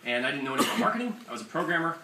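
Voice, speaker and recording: A man's voice: on the high side, sing-song, rapid-fire, pushed and bright. A young man and comics author telling profane, self-mocking comic stories at a bookstore presentation. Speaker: comics author giving a talk. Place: bookstore event space, indoors. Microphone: audience camera far from the speaker. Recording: roomy, distant audience recording with ambient noise. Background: room ambience.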